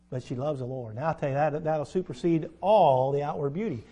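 A male preacher delivering a sermon, reading scripture and speaking emphatically, with his voice swelling and dropping in loudness. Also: fairly high pitch, a little fast, few pauses.

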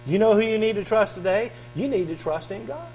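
Preaching man, slightly higher voice. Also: animated, fast talker, darkish tone, slight background noise, poor audio. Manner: rising and falling preaching cadence, leans on repeated questions. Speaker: pastor. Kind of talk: sermon.

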